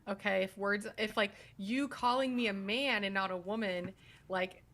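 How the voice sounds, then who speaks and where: Chatty woman guest, faint rumble. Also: fairly even intonation, normal speed, fairly bright tone. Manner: chatty, uses filler "like". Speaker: panel guest. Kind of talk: casual panel chat.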